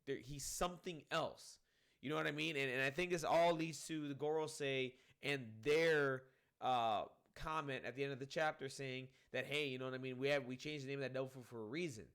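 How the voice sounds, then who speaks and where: A manga reviewer with a medium-pitched voice gives a casual spoken review of a comic chapter. He's rambling and animated, swears freely, and fills pauses with "um" and "you know what I mean."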